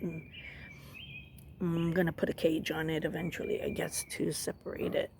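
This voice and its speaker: A woman's voice: medium pitch, mellow, slight background noise. A woman giving a rambling, casual tour of her backyard garden outdoors, filming on a phone as she walks. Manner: chatty, rambling, many ums and restarts.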